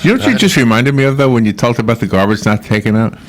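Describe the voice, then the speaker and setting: A man's voice: mid-range voice, very animated, very fast. A man co-hosting a call-in radio show, chuckling and telling stories in casual chat. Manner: chuckling, storytelling. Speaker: radio co-host.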